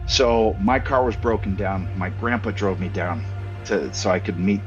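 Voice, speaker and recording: A middle-aged man from Canada, a podcast guest telling stories in a casual, animated way with jokey asides and plenty of fillers. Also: lowish voice, normal speed, highs cut off, soft background music. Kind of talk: casual storytelling interview.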